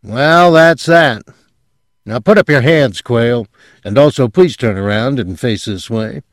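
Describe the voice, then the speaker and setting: A man voicing a calm, commanding police officer who speaks in a measured, authoritative way, in an audiobook reading. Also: medium pitch, no room sound, clean studio sound, natural voice.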